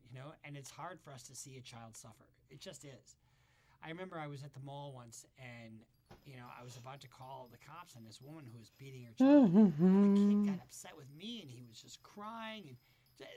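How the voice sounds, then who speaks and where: A man's voice: a little high, animated, a little fast, warm tone, a little hiss or hum. A man hosting casual reaction commentary, talking bluntly and profanely as he thinks aloud. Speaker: commentary host.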